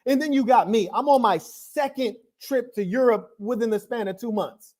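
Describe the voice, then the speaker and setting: A man's voice: extremely high pitch, moderate pace, darkish tone. Boastful man mocking a rival. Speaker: podcast host. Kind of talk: reaction commentary.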